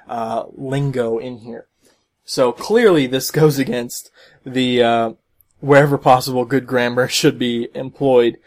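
A man hosting a solo podcast, commenting in a rambling way with many fillers and restarts. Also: mid-range voice. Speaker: podcast host.

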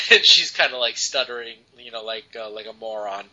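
A man's voice: mid-range voice, lively intonation, moderate pace, bright, forceful tone. A man co-hosting a podcast, reviewing comics in casual chat with many ums and restarts. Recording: dull lo-fi podcast audio.

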